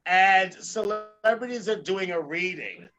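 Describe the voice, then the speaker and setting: A man's voice: high-pitched, animated, measured pace, over music. A man hosting a casual chat with a gossipy, dramatic manner. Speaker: host.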